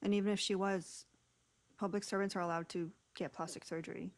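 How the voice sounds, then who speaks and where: A woman co-hosting a casual livestream chat, calm and matter-of-fact. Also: mid-range voice, brisk.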